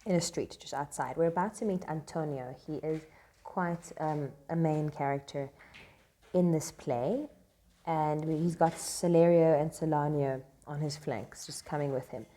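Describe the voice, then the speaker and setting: A woman's voice: low-pitched, a little slow, warm tone. A woman tutoring a play chattily, full of fillers and "right?" checks, speaking in a classroom. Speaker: literature tutor. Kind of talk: casual explanatory lesson with read-aloud quotes. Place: classroom with noise around.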